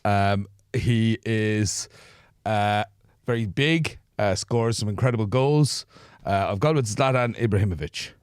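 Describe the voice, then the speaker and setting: A man co-hosting a podcast, teasing the others and quick to laugh. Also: fairly low pitch, clean tone, no echo, clean studio sound. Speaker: podcast co-host. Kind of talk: casual banter.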